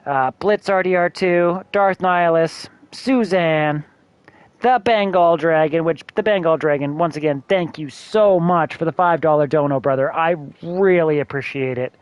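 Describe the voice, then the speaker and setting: A man's voice: fairly high pitch, moderate pace, clean tone, no echo. A man streaming a video game, ranting in a profane, exasperated way and thanking his viewers. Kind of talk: casual game-stream rant.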